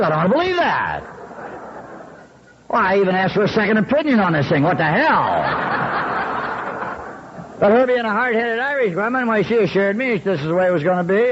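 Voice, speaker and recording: A man in his sixties telling his recovery story with wry, folksy humor, often clearing his throat. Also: sits high, muffled recording.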